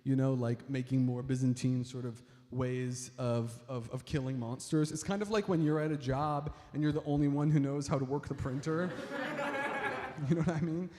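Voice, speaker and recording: A man's voice: mid-range voice, steady tone, normal speed, dark tone. A man doing a stand-up comedy set on stage, rambling with lots of fillers and talking to the audience as folks. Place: stage before a live audience. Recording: reverberant hall with crowd and noise.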